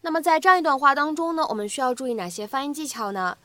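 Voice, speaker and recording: A woman English teacher giving a spoken English lesson, cheerful and clear, repeating phrases as she explains them. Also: high voice, lively intonation, fast, sharp tone, no echo.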